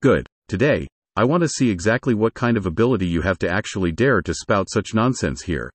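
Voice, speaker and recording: Menacing proud sect guy talking slow, low husky voice , a man doing it. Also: animated, no echo. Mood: sinister. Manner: menacing, deliberate. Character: proud male sect leader, hot-tempered and sinister.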